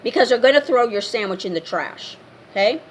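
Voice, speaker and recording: A woman with a slightly high voice delivers a casual rant to her camera. She is blunt and scolding and keeps repeating herself to drive each point home. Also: lively intonation, brisk, slight background noise. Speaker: vlogger.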